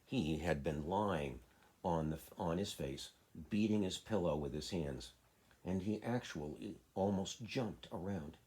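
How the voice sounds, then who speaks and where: A man, a father, reading a children's classic aloud in a steady, plain way. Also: deep voice, measured pace, slightly rough. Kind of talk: storybook reading.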